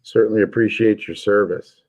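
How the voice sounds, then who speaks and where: A man's voice: on the low side, fairly even intonation, normal speed, a little mellow. A man hosting a casual livestream chat, telling jokey stories and chuckling often. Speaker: livestream host.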